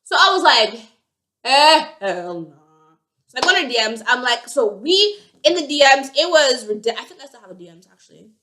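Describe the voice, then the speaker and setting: A young woman telling a storytime vlog, animated and acting out the other voices. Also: high-pitched, quick pace. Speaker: vlogger.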